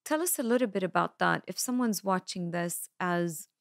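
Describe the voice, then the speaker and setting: Low-voiced woman interviewer, chatty. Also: animated, moderate pace, vocal fry, no echo, clean studio sound. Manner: chatty, prompting questions, encouraging backchannels. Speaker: podcast host, interviewer. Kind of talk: casual interview.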